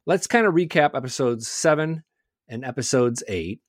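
A man's voice: medium pitch, expressive, normal speed, dry recording, clean studio sound. A man co-hosting a podcast, recapping a TV show in casual, conversational chat with lots of hedging words. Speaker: podcast co-host.

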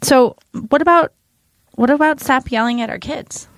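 A woman's voice: high voice, normal speed, no echo. A woman cohosting a parenting podcast in casual chat, candid and chatty, laughing often.

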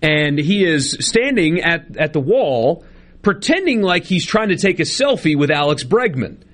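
A man's voice: on the high side, very animated, measured pace, a bit bright. Chatty male sports radio host. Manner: laughing storyteller, reads listener texts. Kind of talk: casual sports radio talk.

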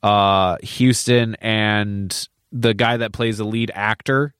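A man's voice: fairly low pitch, fairly even intonation, slow, fairly bright tone, clean tone, no echo, studio quality. A man co-hosting a podcast, talking casually about a film, candid and profane, with many fillers and restarts. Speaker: podcast co-host.

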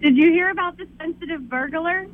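On a tinny, dry phone recording, a woman with an extremely high voice talks fairly quickly. Phoning into a radio show, she tells jokes and keeps giggling through them.

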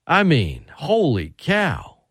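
A man hosting sports talk radio, excitable and animated, often restarting his sentences. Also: on the high side, slow, slightly rough, dry recording, clean studio sound.

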